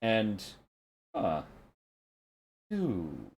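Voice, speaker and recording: Deep-voiced man running a tabletop game. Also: extremely slow, gravelly, muffled recording, a little hiss or hum. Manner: relaxed, with frequent fillers. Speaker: game master.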